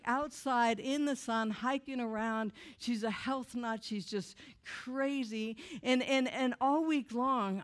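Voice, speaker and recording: A woman giving a personal testimony to a church audience, candid and emotional with wry humor. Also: a little high.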